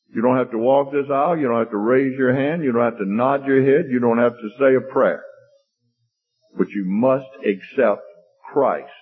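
A man preaching a sermon with an emphatic, repetitive cadence, telling a homespun story and then leading a prayer. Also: mid-range voice. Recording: husky voice over tinny phone-like line with faint music.

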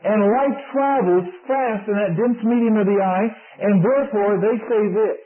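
A man preaching an evangelistic sermon to a church audience, earnest and rising to fervent emphasis, with a husky voice. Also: high-pitched, moderate pace. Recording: tinny lo-fi radio broadcast.

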